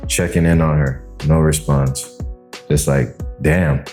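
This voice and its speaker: A man with a very low, deep voice shares a personal story as a podcast guest. He talks casually and with plenty of slang, and he comes across as open and vulnerable. Soft music plays faintly underneath. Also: steady tone, slow.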